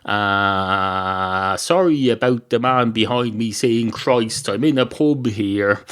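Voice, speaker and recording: A man's voice: lowish voice, slow, fairly bright tone, clear, resonant tone. A man voicing a chatty, fussy woman who works as a phone-company operator, with a raised, rambling delivery. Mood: polite, rambling.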